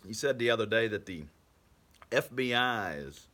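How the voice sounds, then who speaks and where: A man's voice: on the low side, lively intonation, moderate pace, bright, forceful tone. Chuckling man rambling to camera. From Texas. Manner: laughs through his words often, rambling and scoffing. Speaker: vlogger.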